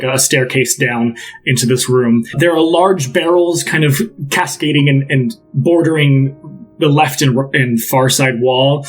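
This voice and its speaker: A man narrating as game master in a tabletop game, casual and rambling with many fillers. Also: medium pitch.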